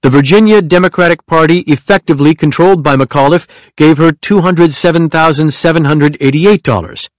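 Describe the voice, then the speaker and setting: Man, audiobook narrator, measured even reading, slightly high voice, dry close mic. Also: no echo. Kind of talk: scripted nonfiction narration.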